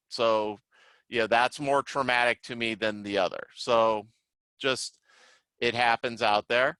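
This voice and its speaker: A man, a trainer and psychiatrist, lecturing in a relaxed, conversational way with many filler words. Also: medium pitch, slow pace, clear, resonant tone, no echo, poor audio. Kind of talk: casual online lecture.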